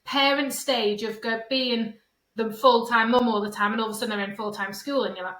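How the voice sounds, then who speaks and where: A bright, lively-toned middle-aged woman talks in a loose, rambling way, slipping into quick imitations of other voices. Her voice sits fairly high. The room around her echoes. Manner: chatty, rambling, fond of "sort of thing", acts out quoted voices. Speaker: podcast guest, feng shui and decluttering coach. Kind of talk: casual interview chat.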